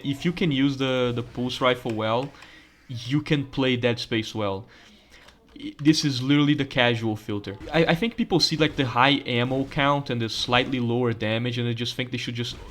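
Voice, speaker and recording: A man's voice: mid-range voice, fairly bright tone. Rambling, stammering young male gamer. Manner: stammering, crude joking, rambling. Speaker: gaming channel host. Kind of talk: casual gameplay commentary.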